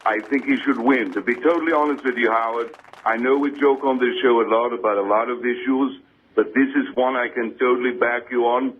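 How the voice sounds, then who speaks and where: A man's voice: medium pitch, steady tone, a little fast, a little hiss or hum, close to an everyday voice. A man impersonating a famous governor on a prank radio call, talking earnestly and eagerly over a phone line.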